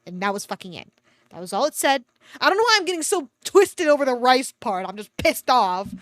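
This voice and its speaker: A woman's voice: high voice, very animated, fairly quick, a bit bright, no echo, clean studio sound. A woman streamer reading a fan story aloud with sarcastic commentary, swearing freely and laughing often, at a home desk mic.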